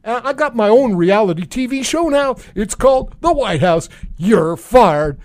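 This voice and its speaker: A man's voice: extremely high pitch, expressive, measured pace, pitched above the performer's own voice. A man putting on a clumsy impression of a petulant, boastful older politician.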